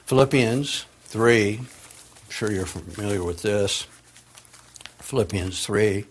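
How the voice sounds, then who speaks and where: A man preaching a sermon, swinging between hushed, drawn-out phrases and emphatic, raised passages, with dramatic pauses. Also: lowish voice, a little hiss or hum.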